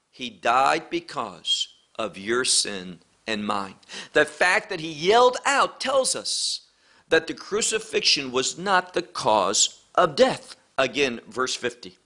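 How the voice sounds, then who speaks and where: A man's voice: on the high side, pushed and bright. A man teaching the Bible verse by verse, emphatic, asking rhetorical questions and answering them himself.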